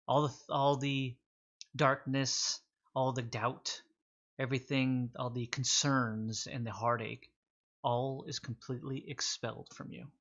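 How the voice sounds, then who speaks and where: Guy running a tabletop game, slow dramatic narration, kinda dull lo-fi mic. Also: medium pitch, level tone, a bit bright. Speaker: game master.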